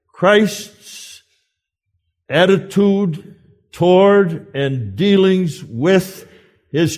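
A man preaching a sermon in an earnest, emphatic way with deliberate pauses. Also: fairly high pitch, a little mellow.

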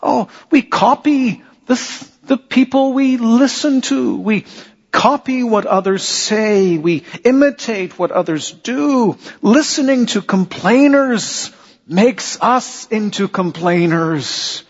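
A man's voice: extremely high pitch, animated, slow pace, slightly rough, long reverb tail. A man preaching a sermon in an earnest way, repeating phrases and asking rhetorical questions of his listeners. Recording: dull lo-fi sermon recording.

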